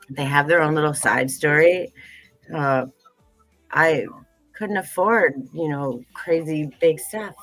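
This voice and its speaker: Earnest woman with a low voice. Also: fairly bright tone, no echo, poor audio. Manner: earnest, repeats phrases, many fillers. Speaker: tea business founder, guest. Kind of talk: heartfelt livestream conversation.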